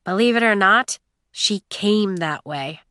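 A woman's voice: mid-range voice, lively intonation, slow pace, sharp tone, no echo, studio quality. A woman voicing a young female mechanic in an audiobook, wry and matter-of-fact.

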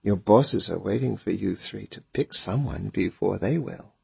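A man voicing a smirking red-haired young woman who teases in hushed, mocking tones during a storybook reading. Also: lowish voice, normal speed, creaky, slightly rough, dry recording, heavily acted.

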